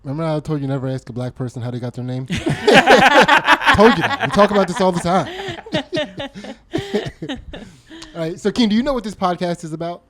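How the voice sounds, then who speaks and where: A man with a slightly raised pitch hosts a casual podcast, teasing his guest and slipping in puns. His delivery is loose and chatty. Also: expressive, quick pace, long pauses, crowd noise. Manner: playful, punning, teasing. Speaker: podcast co-host.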